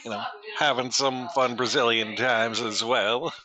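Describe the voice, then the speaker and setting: A man chatting casually as a tabletop player, relaxed and drawing out words for emphasis. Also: medium pitch, measured pace, a crowd in the background, rough recording. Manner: relaxed and chatty, tells stories with stretched emphasis. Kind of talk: casual chat.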